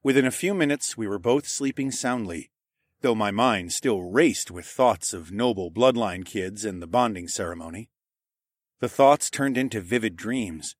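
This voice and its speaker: A man reads a first-person story aloud in a steady, even way. His voice sits low and sounds close and dry, with no room around it. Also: dry recording. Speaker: audiobook narrator. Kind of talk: scripted first-person narration.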